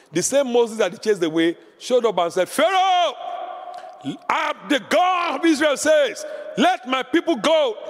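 A man's voice: high-pitched, long reverb tail. A man preaching a sermon as pastor, impassioned and repeating lines for emphasis.

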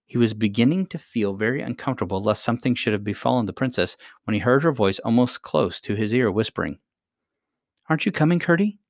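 A man calmly reading a children's story aloud as narrator. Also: fairly low pitch, fast talker, hardly any pauses, no room sound, clean studio sound.

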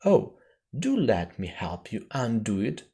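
A man reading aloud and voicing a curious, polite little girl, with a slow, pleading delivery. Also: lowish voice, sing-song, dark tone, breathy edge, full character voice.

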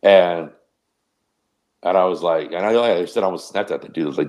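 A man with a very low, deep voice tells a loose, rambling story on a podcast. He swears freely and keeps the tone casual and animated, with a lot of asides. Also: fairly quick, pauses often. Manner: rambling, profane, animated anecdote. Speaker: podcast co-host.

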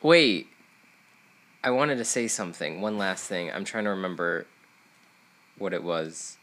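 A young man co-hosting a casual podcast, his nose stuffed up. He rambles along with lots of "like"s and restarts, and his voice sits a little low but sounds bright and forceful. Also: unhurried. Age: young adult. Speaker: podcast co-host. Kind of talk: casual chat.

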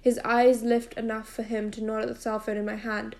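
A woman narrating a first-person novel as an audiobook, in a steady storytelling manner. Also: on the high side, fairly quick, creaky.

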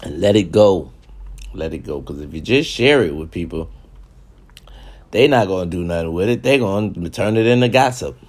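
Man with a low voice, ranting at camera; preachy, repetitive, swears constantly. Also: expressive, moderate pace. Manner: repetitive, preachy and heavy with cursing. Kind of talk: profane comedic rant to camera.

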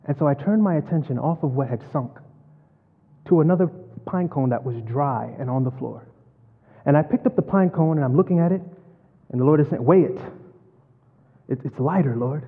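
A man preaching a sermon and telling a story, swinging from loud to hushed. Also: a little high, brisk, long pauses, husky. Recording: phone-like, long hall reverb.

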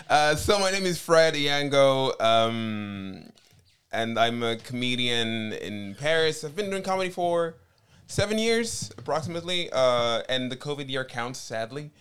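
A man from Cameroon, a comedian, chatting as a guest in a relaxed, joking way. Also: medium pitch, a little slow, clear, resonant tone. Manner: relaxed and joking, with easy laughs. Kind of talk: casual chat.

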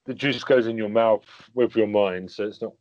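A man's voice: fairly low pitch, normal speed, a little mellow, no room sound. A man co-hosting a podcast in casual chat, hesitant and full of ums. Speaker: podcast co-host. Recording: dull dry lo-fi mic.

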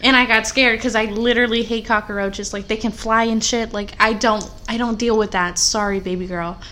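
Young woman, podcast co-host, casual chat, rambling animated storyteller, higher voice, bright tone. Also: moderate pace, a little hiss or hum. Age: young adult.

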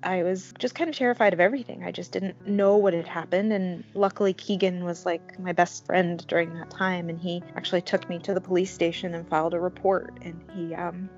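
A woman with a fairly low voice tells a personal story frankly and casually, sprinkling in filler words and the odd curse. The recording sounds a bit muffled. Soft guitar music plays underneath. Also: steady tone, fairly quick, few pauses. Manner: candid, conversational, frequent "like" fillers, swears.

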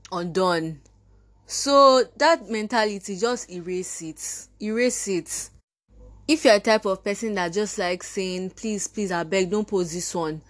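Teen Nigerian girl podcaster, fired-up and indignant, scoffing at the people she quotes. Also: medium pitch. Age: teens. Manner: indignant, ranting, mimics others mockingly. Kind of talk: impassioned monologue.

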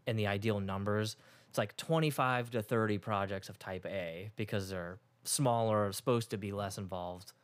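A man's voice: on the low side, moderate pace. A young man co-hosting a podcast, rambling casually about work with lots of "like" and "uh". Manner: rambling, lots of fillers, laughs often. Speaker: podcast co-host. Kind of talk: casual chat.

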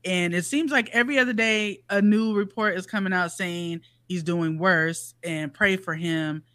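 A man's voice: sits high, normal speed, bright, forceful tone, no echo. A man co-hosting a podcast who chats casually, brings up news topics and laughs easily. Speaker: podcast co-host.

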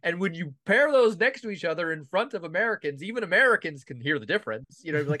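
A man's voice: fairly high pitch, animated, quick pace, hardly any pauses, pushed and bright, dry recording, studio quality. A man chatting about a movie in a wry, critical way, laughing as he talks. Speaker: podcast co-host. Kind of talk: casual movie discussion.

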